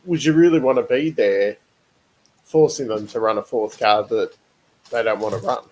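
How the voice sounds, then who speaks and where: Husky guy cohosting a motorsport-ish podcast call, chatty, laughs a lot. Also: on the low side, low-quality recording. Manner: chatty, laughs often, halting restarts. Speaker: podcast co-host. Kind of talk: casual chat.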